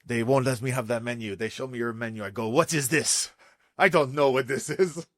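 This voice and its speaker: A man's voice: mid-range voice, fairly quick, no room sound, clean studio sound, close to an everyday voice. A man voicing a grumbling male French restaurant diner with a put-on French accent. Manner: complaining, put-upon.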